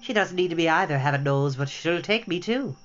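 A storytime reader voicing a bitter, weary middle-aged woman who cries out and scolds, raising the pitch high. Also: expressive, a little fast, fairly bright tone, natural voice. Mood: tart. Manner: shrill, tearful, scolding. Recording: dull lo-fi with faint music.

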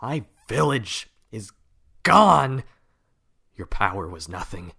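A man's voice: lowish voice, big pitch swings, slow pace, gravelly, pushed and bright, breathy edge, pitched above the performer's own voice, exaggerated voice. A man voicing a grieving, bitter male fire warrior who speaks heavily and angrily. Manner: heavy, angry.

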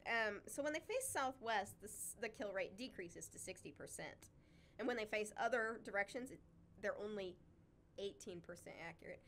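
A woman's voice: mid-range voice, expressive, normal speed, a bit bright, slight background noise. Chatty, enthusiastic woman co-host. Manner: chatty, enthusiastic, with frequent laughs. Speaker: podcast co-host, wildlife sanctuary keeper. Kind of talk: casual chat.

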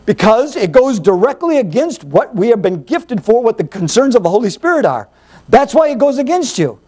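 A man with a very high voice delivering a sermon. His pitch swings widely as he teaches, and he drives each point home with rhetorical questions and repetition. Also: big pitch swings, moderate pace, dark tone. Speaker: Bible teacher.

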